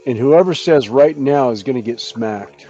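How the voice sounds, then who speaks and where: A man's voice: mid-range voice, normal speed, warm tone, faint music behind. A man chatting casually in a hobby group, rambling and chuckling often. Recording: dull, dry lo-fi sound.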